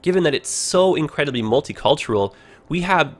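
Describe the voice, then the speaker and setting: A man's voice: on the high side, animated, fairly quick. A man hosting a game livestream, talking in a rambling, chatty way full of "like". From Ontario, Canada. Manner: rambling, chatty, heavy use of "like". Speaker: livestream host. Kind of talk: casual game livestream commentary.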